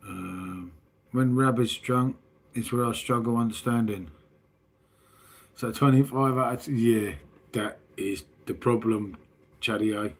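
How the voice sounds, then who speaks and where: A man with a southern English accent, chatting casually and rambling to his livestream viewers, full of tag questions and "mate". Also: medium pitch. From southern England. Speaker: livestream host. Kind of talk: casual chat with live chat.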